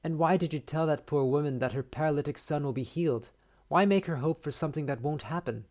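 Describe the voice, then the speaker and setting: A man's voice: a little high, quick pace, a little mellow, close to an everyday voice. A man reading the lines of a blunt male companion who scolds his friend in a short story. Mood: scolding. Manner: exasperated, scolding.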